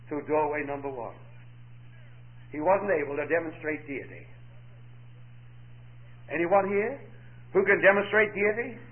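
A man preaching a sermon, emphatic, asking the listeners questions and quoting scripture in old-fashioned English. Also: high-pitched. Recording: tinny narrow-band recording.

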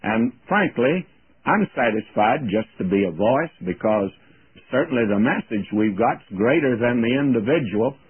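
An older man giving a folksy radio Bible teaching, plain-spoken and slowing down to quote scripture. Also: mid-range voice, animated, breathy edge, dry recording. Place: radio studio. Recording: tinny phone-like radio broadcast, dry.

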